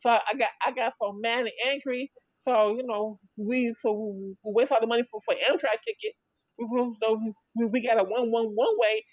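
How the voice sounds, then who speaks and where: Woman livestream host, casual storyteller, repeats and restarts constantly, higher voice, dry muffled audio. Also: fairly even intonation, moderate pace, dry recording. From Chicago area. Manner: rambling storytelling with many repetitions and restarts.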